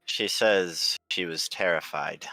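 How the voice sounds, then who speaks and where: A man's voice: deep voice, slow, sharp tone, dry recording, soft background music. A man narrating as dungeon master in a casual, blunt way, sometimes swearing. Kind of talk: narrating a tabletop game.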